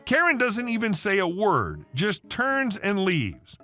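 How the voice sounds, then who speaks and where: A man narrating a story aloud in a lively, chatty way. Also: sits high, takes it slowly, hardly any pauses, soft background music.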